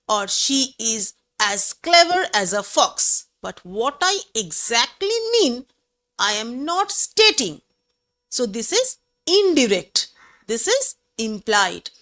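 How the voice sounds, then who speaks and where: Woman, Indian English accent, teacher, unhurried delivery, repeats phrases for emphasis, high voice. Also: bright, forceful tone. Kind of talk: classroom poetry lesson.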